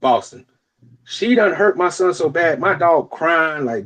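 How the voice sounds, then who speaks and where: A young man from Florida telling a personal story on a podcast, animated and profane, with loud outbursts and low, muttered asides. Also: a little slow. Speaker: podcast co-host. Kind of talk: casual storytelling chat.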